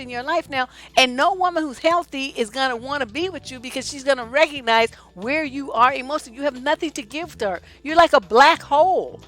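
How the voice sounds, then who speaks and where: A middle-aged woman from Oakland, a relationship coach and host, giving blunt, animated advice to her viewers and laughing often. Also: high-pitched. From Oakland, California. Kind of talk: casual advice talk to viewers.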